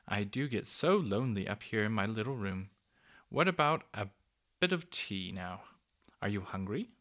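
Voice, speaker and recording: A man doing a soft-voiced kindly old cuckoo lady. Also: fairly low pitch, lively intonation, moderate pace. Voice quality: soft, cooing. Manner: fussy, genteel, comfortable. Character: kindly old female cuckoo, lonely and chatty. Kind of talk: storybook reading.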